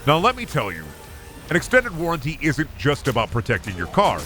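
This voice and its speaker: A man voicing a slick, pushy car-warranty telemarketer with smooth, rehearsed sales patter in a lowered voice. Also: huge pitch swings, a little fast, bright, forceful tone, faint music behind, heavily acted. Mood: salesy.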